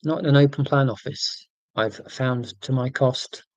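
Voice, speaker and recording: An English man in his forties with a near-London accent, chatting through viewer comments on a livestream. His delivery is a flat monotone, careful and clear. The recording is dry, with no room sound. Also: mid-range voice, no echo, rough recording. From England, near London. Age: 40s. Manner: monotone, careful and deliberate about being clear. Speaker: livestream host. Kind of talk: casual livestream chat, reading out viewer comments.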